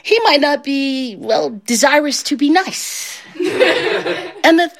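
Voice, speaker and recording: A middle-aged woman spins a folktale aloud in a high, bright voice that swoops up and down constantly. She laughs often between lines and slips into the characters' voices, keeping an easy, playful storytelling manner. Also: expressive, slow pace. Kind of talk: animated oral folktale telling.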